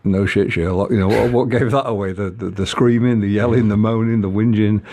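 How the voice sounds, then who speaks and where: A man's voice: lowish voice, steady tone, mellow, a little hiss or hum. A man telling a personal story in casual conversation, with frequent halts and restarts. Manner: halting, many restarts. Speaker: guest.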